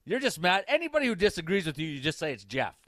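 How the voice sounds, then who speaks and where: A man's voice: fairly high pitch, sing-song, fast, sharp tone, dry recording, studio quality. A man co-hosting a sports radio show, bantering stubbornly and teasingly with his partner. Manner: stubborn, teasing, repeats himself. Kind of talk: casual sports talk banter.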